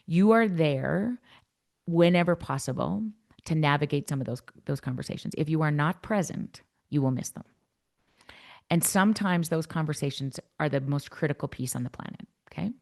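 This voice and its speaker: Blunt low-voiced woman coach. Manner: frank, blunt, energetic. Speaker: youth coach and workshop presenter. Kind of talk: workshop talk.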